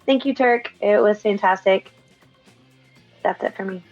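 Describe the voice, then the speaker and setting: Slow, hesitant woman on a dull mic. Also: mid-range voice, a little mellow, soft background music. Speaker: player and game master. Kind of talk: casual sign-off chat.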